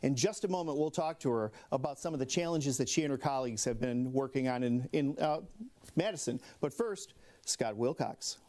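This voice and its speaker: A man's voice: medium pitch, brisk, darkish tone. A man with a Midwestern American accent hosting a local comedy talk show, telling topical jokes in a monologue and chuckling at his own lines. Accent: Upper Midwest American. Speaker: late-night comedy host.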